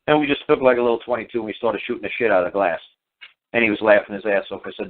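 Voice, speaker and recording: A man's voice: on the low side, very fast. A man, a talk show host, telling a long story in a casual, rambling way, repeating himself and swearing as he goes. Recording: tinny phone-line audio.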